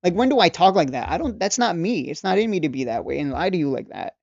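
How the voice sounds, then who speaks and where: A man's voice: on the high side, expressive, fast, creaky, darkish tone, dry recording. A man coaching stock traders in a casual monologue, preachy and mocking, repeating himself and restarting sentences. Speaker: trading coach and channel host. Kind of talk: casual ranting video monologue. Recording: dull, slightly lo-fi dry recording.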